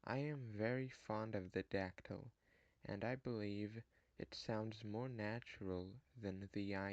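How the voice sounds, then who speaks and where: A man giving a scripted lesson on poetic meter in a formal, measured and slightly stilted way. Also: on the low side, vocal fry, muffled recording. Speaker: poetry lecturer. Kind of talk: scripted narration.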